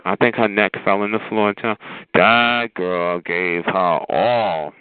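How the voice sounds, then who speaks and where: A man telling a sassy, animated story in casual chat, calling listeners honey and child. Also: lowish voice, slow pace, clean tone. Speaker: chat line regular. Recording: tinny phone line.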